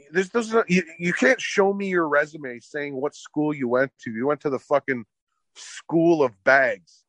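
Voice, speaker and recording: A man's voice: fairly high pitch, a little slow, a bit bright, dry recording. A man telling a long car story in casual chat, swearing often and filling with "like". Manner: profane, rambling, fillers like "like".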